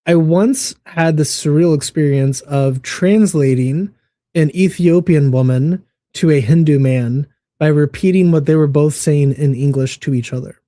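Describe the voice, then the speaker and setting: An American man in his thirties, co-hosting a casual podcast and telling stories in a relaxed, rambling way with fillers and laughs. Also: on the high side, a little slow, dry recording. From United States. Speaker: co-host.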